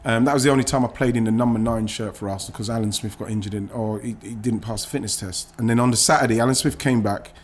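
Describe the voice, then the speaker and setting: A middle-aged man from England, a former footballer, telling an emotional personal story in a podcast interview, animated, swearing and stumbling over restarts when moved. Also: on the low side, fast, few pauses, a little hiss or hum.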